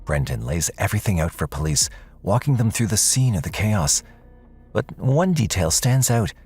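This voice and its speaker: Deep gravelly man narrating true crime. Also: sing-song, normal speed, a little mellow, faint music behind. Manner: dramatic, suspense-building delivery. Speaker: documentary narrator.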